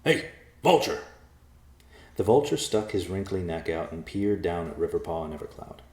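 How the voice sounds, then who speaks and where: A man narrating a storybook chapter with a steady, expressive reading. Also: low voice, a little fast, echoey room. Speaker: audiobook narrator.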